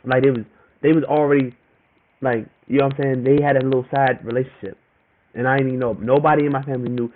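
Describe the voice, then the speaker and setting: A man's voice: mid-range voice, fast talker. A young man telling a personal story in a casual, rambling monologue, full of slang and repeated phrases, shifting his voice up and down as he quotes other people. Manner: rambling and repetitive, slangy, animated when quoting others. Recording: tinny phone-like audio with faint noise.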